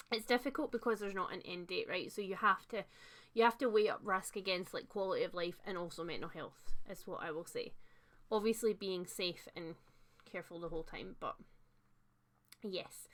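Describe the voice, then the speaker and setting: A young woman hosting a casual livestream book chat, talking warmly and chattily, reading out viewer comments with fillers and laughs. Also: mid-range voice.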